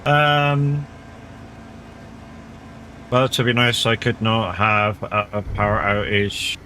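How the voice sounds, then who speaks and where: Man, live game streamer, casual sweary chat, bright forceful tone, low-ish voice. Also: fairly even intonation, a little slow, slight background noise. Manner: laid-back, swears freely, chats with viewers.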